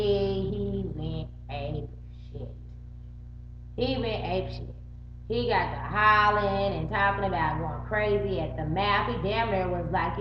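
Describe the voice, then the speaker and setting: A middle-aged woman tells a story straight to the camera, swearing freely and acting out both sides of the argument. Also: on the low side. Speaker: vlogger. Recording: roomy, muffled home recording with faint hum.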